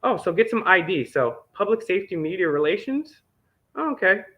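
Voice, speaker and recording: An indignant man rants through a stack of documents, his fairly high voice leaping up and down with sarcasm as he swears freely. The dull, lo-fi recording takes the edge off his voice. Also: expressive, a little fast. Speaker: independent news vlogger. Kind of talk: ranting commentary reading documents aloud.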